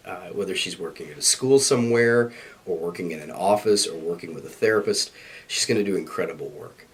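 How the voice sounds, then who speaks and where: A middle-aged man with a husky, sick-sounding voice, answering interview questions in an office, earnest and reflective with self-deprecating humor. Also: deep voice, brisk. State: sick, hoarse. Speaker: university staff interviewee. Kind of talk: recorded interview.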